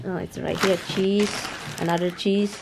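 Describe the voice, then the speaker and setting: A Filipino-accented woman vlogging casually at home, chatty and quick to laugh, with non-native grammar. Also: medium pitch, little pitch movement, creaky, noisy background. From Philippines. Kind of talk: casual home vlog chat.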